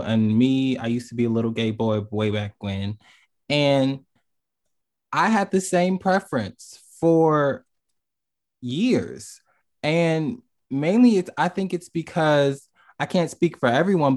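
A man speaking as a podcast guest in a candid, expressive way, swearing freely. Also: fairly high pitch. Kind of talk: casual discussion.

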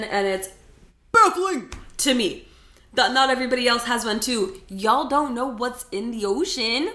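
Young woman from California, bright, slightly high voice, animated casual podcast chat, echoey room. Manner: animated, swearing, laughing often. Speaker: podcast co-host.

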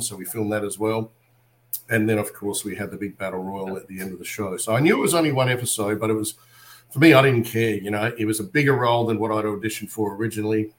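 Lower-voiced Australian man telling lively stories. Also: a little hiss or hum. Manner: animated storyteller, acts out other people's lines. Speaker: guest, wrestler and actor. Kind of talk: casual interview chat.

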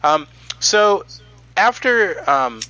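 Podcast host, man, bright and slightly high, halting with lots of ums. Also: very animated, dull audio. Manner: halting, many ums, reading quotes aloud. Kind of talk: casual podcast chat.

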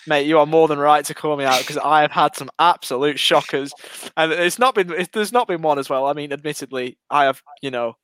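Higher-voiced self-mocking man. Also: fairly quick, fairly bright tone, a little hiss or hum. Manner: self-mocking, rambling, laughs easily. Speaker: podcast co-host. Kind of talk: casual chat.

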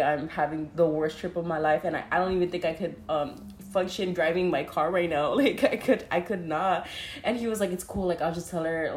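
Young woman, slightly low voice, loose chatty storyteller with frequent laughter and profanity, recorded in a roomy space. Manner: laughs often, heavy use of "like", swears freely. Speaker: podcast co-host. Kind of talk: casual storytelling. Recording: roomy echo.

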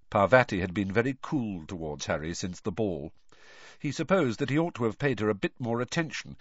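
Uomo narratore espressivo, voce un po' velata. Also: male voice, lowish voice, a bit bright, slightly rough, no room sound, dull audio. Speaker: audiobook narrator. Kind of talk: storybook narration.

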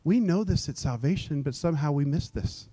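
A pastor preaching a sermon in a lively, joking way, slipping into mock old-fashioned prayer voices. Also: male voice, on the high side, a little fast, slightly rough, dry recording. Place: church.

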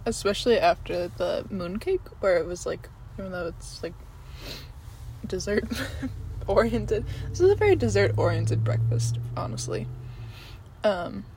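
A woman's voice: mid-range voice, a little mellow, slight background noise, rough recording. A young woman giving a casual, rambling food review while eating, chatty and giggly with many ums. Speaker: vlogger.

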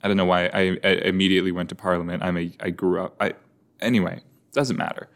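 A man's voice: deep voice, flat delivery, fast talker. A man chatting casually and joking as he reacts to a show, with many fillers. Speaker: reaction video host.

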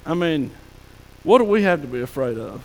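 A male pastor preaching a folksy sermon, sometimes dropping to a soft hush. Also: on the high side, very animated, moderate pace, in a large hall, rough recording. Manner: folksy preaching, drops to soft hushed tones for God's whispers. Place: church sanctuary.

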